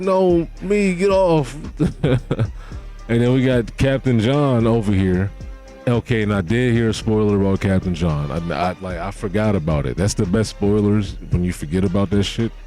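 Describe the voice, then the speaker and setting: A man with a low voice gives loose, casual reaction commentary, full of slang and swearing. Faint music plays under his talk. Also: brisk, warm tone. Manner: slangy and profane, talks loosely. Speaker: manga reaction host.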